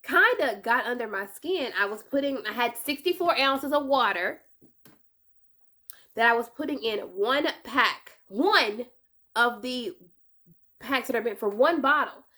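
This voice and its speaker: A young woman giving casual advice in a chatty, animated vlog, correcting herself with playful asides. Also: fairly high pitch, a little slow, pauses often. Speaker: vlogger.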